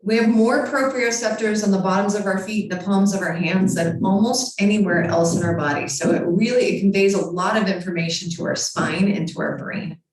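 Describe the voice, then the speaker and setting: A woman leads a yoga lesson in a calm, encouraging voice, cueing each movement step by step. She sounds some way from the microphone. A strong echo hangs around her in the room. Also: medium pitch, brisk, hardly any pauses. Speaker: yoga teacher. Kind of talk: guided yoga instruction. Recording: very echoey room, far from mic.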